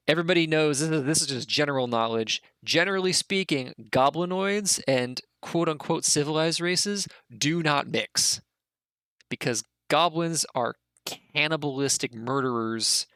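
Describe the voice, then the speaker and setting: A man's voice: fairly high pitch, a little slow, pushed and bright, clear, resonant tone, no room sound. A man narrating as game master of a tabletop game, rambling with many restarts and fillers.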